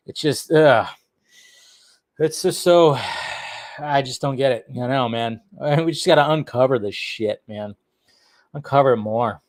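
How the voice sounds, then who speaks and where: A man's voice: medium pitch, unhurried, pauses often, a little mellow. A man hosting a casual movie news commentary, blunt, swearing freely and laughing often.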